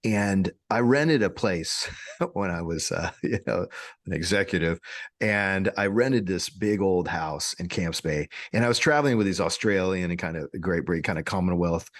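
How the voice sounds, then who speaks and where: A man co-hosting a podcast, telling a story in a casual, animated way, often laughing and restarting his sentences. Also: low voice, normal speed, no echo. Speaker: podcast co-host.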